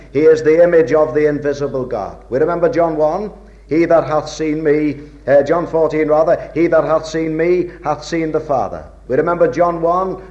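A man preaching a sermon in a measured, old-fashioned way, slowing down to stress key words. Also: fairly high pitch, darkish tone. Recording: dull lo-fi recording.

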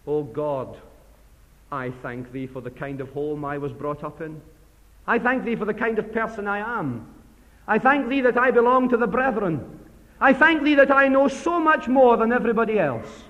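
A man's voice: high-pitched, normal speed, a bit bright, lo-fi sound, voice pushed up. A preacher doing a pompous praying Pharisee man. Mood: smug. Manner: pompous, rising self-congratulation. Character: smug self-righteous male Pharisee at prayer. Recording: long hall reverb.

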